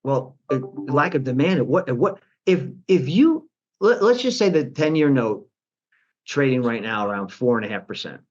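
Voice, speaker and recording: A man speaking as a guest in a financial interview, animated and full of restarts, mocking other people in quotes. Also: medium pitch, moderate pace, lo-fi sound, faint music behind. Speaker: guest, portfolio manager.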